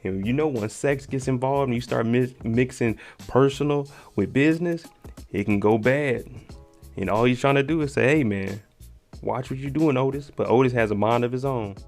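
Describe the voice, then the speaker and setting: A man hosting his channel, giving an animated, slangy, casual recap of a TV episode and laughing often. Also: medium pitch, moderate pace, faint music behind.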